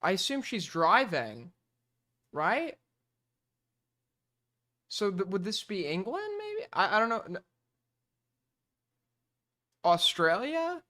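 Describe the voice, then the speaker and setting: A man's voice: sits high, very animated, takes it slowly, long pauses, bright, forceful tone. A man streaming, reacting to a video with blunt, profane, exasperated commentary.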